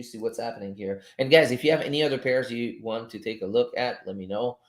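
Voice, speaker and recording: A man whose first language is French, chatting casually as a trading coach while he reads charts live, loose-tongued and quick to chuckle. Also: mid-range voice. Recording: roomy echo.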